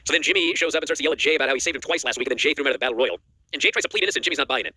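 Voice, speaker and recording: A man's voice: a little high, no echo. A man co-hosting a wrestling news show, recapping matches in a casual chat and acting out the quotes. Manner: rapid animated recap, acts out quotes.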